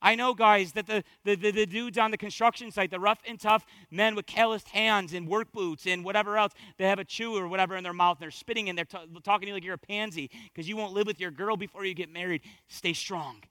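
High, bright-voiced preaching man. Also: steady tone, quick pace, few pauses, no room sound. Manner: swings from hushed to fervent preaching; repeats phrases for emphasis. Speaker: pastor. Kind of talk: sermon.

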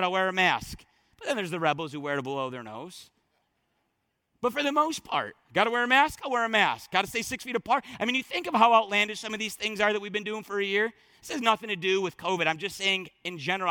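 A male pastor preaching a sermon in church, emphatic, swinging from loud declarations to hushed, near-whispered lines. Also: high-pitched, no room sound, clean studio sound.

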